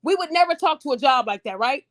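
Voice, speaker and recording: Talking fast in a high-pitched voice, a podcast host delivers casual commentary straight to her listeners. She's animated and slips into acted-out voices.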